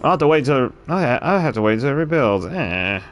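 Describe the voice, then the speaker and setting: A man streaming a game chats casually on a livestream, telling rambling, animated stories and chuckling often. His voice is medium-pitched and brisk, with soft background music behind him.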